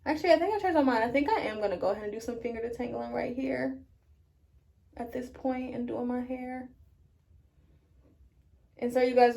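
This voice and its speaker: Woman vlogger, relaxed and chatty, talking to her viewers, a bit higher pitched. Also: brisk, creaky, pauses often, a little hiss or hum. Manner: chatty, addresses viewers as you guys. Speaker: hair care vlogger. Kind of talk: casual tutorial talk to camera.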